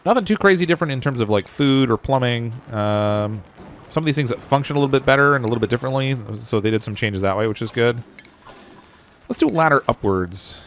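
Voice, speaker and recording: Fast-talking Canadian man streaming a game. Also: mid-range voice, animated, slight background noise. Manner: chatty, thinking aloud with fillers and restarts, corny jokes. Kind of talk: live gameplay commentary.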